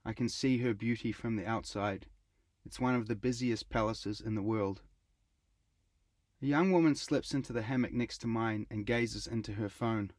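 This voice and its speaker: Middle-aged male author-narrator, measured wry reading, dry close mic. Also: fairly low pitch, darkish tone, no room sound. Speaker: author narrating his own travel writing. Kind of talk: scripted audiobook narration.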